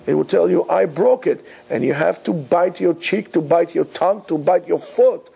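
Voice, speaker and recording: A man's voice: a little high, moderate pace, gravelly, mellow, slightly rough. A man, a rabbi, teaching an earnest, emphatic Torah lecture, weaving Hebrew terms into his English.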